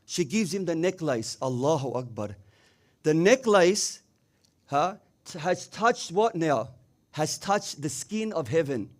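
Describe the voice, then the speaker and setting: A man with a high voice delivers a sermon in a community religious hall. He tells a story with emphatic rhetorical asides and drops Arabic religious phrases into his English. His delivery swings between quiet, low passages and raised, stressed lines. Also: lively intonation, slow pace. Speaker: preacher.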